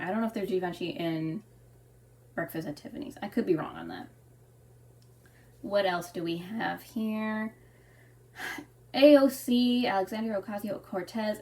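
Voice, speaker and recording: A woman's voice: medium pitch, darkish tone, distant mic. A young woman ranting in a casual, opinionated way, full of fillers and restarts. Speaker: fashion commentary vlogger. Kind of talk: casual rant.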